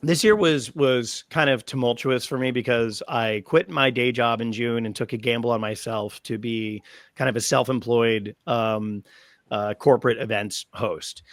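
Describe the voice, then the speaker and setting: A man in his thirties, a stadium announcer, telling long, animated stories with many fillers as a guest in a podcast interview. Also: mid-range voice, normal speed, dry recording.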